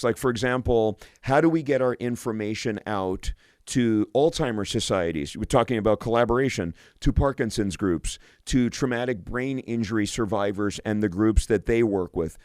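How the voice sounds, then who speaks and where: A man's voice: mid-range voice, normal speed, a little mellow, clean tone, dry recording, clean studio sound. A male physician hosting a radio show, talking enthusiastically on his own, often restarting and repeating words. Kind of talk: solo radio talk.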